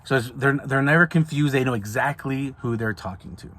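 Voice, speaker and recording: Guy hosting a podcast, middle pitch, laid-back advice talk, keeps restarting sentences. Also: brisk, fairly bright tone. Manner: conversational, repeats and restarts often. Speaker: podcast host, signing service owner.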